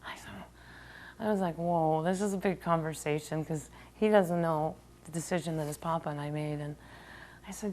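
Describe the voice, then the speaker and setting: A woman's voice: low-pitched, fairly even intonation, moderate pace, darkish tone. A woman, a mother, tells a heartfelt personal story and quotes her young son's questions.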